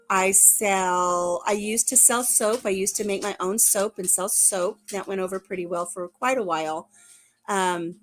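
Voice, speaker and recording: A woman's voice: mid-range voice, a bit bright. An older woman hosting a casual live-stream chat, chatty and laughing easily at herself. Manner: chatty, laughing, self-deprecating. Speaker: vlog host.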